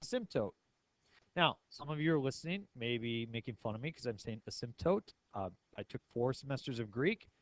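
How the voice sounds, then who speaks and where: A man's voice: mid-range voice, lively intonation, normal speed, dry recording. A male math teacher lecturing a class in a playful way, asking his students many questions.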